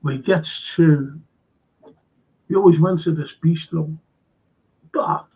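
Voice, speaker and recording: Slow, gravelly man telling stories. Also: a little high, mellow, muffled recording. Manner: halting, meandering, repeats words for emphasis. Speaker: host of a live-streamed current affairs show. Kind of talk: casual rambling storytelling to viewers.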